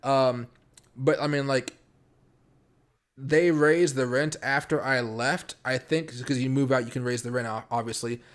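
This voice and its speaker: A man hosting a casual late-night crypto live stream from home, talking fast and rambling with lots of fillers and restarts. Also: medium pitch, steady tone. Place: home room.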